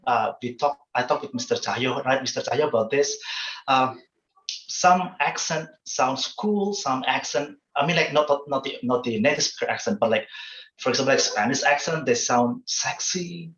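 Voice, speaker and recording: A man with an Indonesian accent giving relaxed feedback as a presenter in an online workshop, with lots of fillers. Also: mid-range voice, reverberant, lo-fi sound. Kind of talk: casual online workshop talk.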